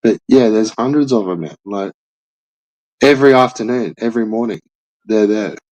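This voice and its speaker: A man's voice: fairly low pitch, normal speed, a little mellow, no echo, poor audio. A young man hosting a casual chat, rambling loosely with lots of filler words and swearing. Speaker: podcast host.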